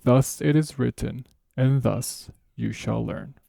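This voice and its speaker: A man whose first language is Spanish, voicing a solemn male scripture reader with a slow, lofty biblical cadence. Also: mid-range voice, fairly even intonation, gravelly, mellow, dry recording, clean studio sound, heavily acted.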